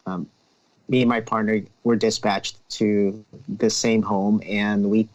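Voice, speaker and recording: A man who is a police officer, telling a story in a casual podcast chat in a steady, unhurried way. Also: lowish voice, lo-fi sound.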